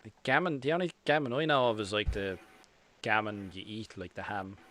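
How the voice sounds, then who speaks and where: A man's voice: lowish voice, brisk, fairly bright tone. An Irish man hosting a casual hobby livestream, bantering, swearing and reading out chat comments. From Ireland. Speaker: host.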